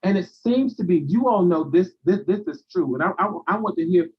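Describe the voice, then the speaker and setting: A man's voice: high-pitched, lively intonation, brisk, husky, dull audio. A man hosting a live stream, giving a motivational talk in a preacherly way, repeating phrases for emphasis and answering viewers' comments.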